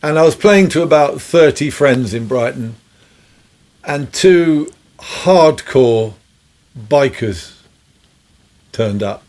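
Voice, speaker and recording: A man, a guest musician, telling long rambling stories in a relaxed, chuckling way. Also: mid-range voice, slow, pauses often. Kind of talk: anecdotal storytelling.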